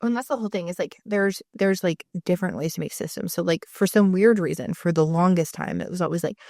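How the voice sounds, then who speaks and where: A woman's voice: lowish voice, a little mellow, no room sound, clean studio sound. Chatty, swearing woman podcast co-host. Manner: chatty, swears freely, acts out quoted dialogue. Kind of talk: casual chat.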